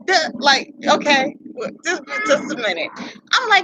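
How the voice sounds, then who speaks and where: A young adult woman, telling a personal story to camera in a candid, profane, animated way. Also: high voice, unhurried, low-quality recording. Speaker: vlogger.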